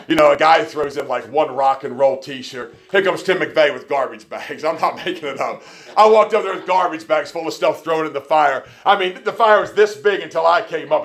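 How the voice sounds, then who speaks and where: A male preacher with a slightly high voice delivers a sermon in a folksy storytelling way. He drops into quiet, joking asides, then builds to loud, fervent emphasis.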